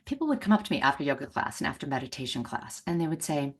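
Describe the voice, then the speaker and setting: A woman's voice: deep voice, quick pace, breathy edge. A middle-aged woman, a money mindset coach, telling a personal story in a podcast conversation and acting out the voices she quotes. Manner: animated, acts out quoted voices.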